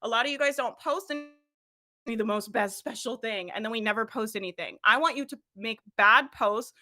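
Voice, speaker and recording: Bright-voiced energetic woman business coach. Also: a little high, fairly quick. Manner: energetic, laughs often, addresses listeners directly. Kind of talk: motivational coaching talk.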